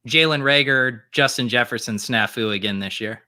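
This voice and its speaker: A man's voice: mid-range voice, moderate pace, pushed and bright. A man co-hosting a casual fantasy football live stream, joking and teasing his partner as they talk through the picks.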